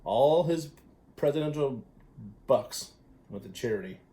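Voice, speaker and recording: An upbeat man hosting a relaxed trivia show, talking straight to his viewers. He keeps cheering them on, and his speech is loose and chatty, full of filler sounds and quick restarts. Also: mid-range voice. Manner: upbeat and encouraging, with many fillers and self-corrections. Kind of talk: casual chatty trivia quiz to camera.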